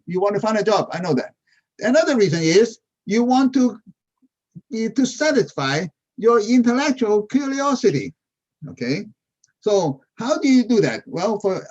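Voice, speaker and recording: A man with a fairly high voice gives a lively webinar lecture in non-native English, asking rhetorical questions and laughing at his own points. The sound comes through a dull, lo-fi video call connection. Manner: non-native English with dropped verb endings. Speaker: guest professor speaking at a teaching webinar.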